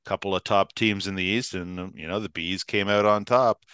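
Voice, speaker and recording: Man, lower-pitched bright voice, clear and dry, rambling casual hockey co-host on college radio. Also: steady tone, normal speed, no room sound. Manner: rambling, laid-back, many fillers and restarts. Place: radio studio.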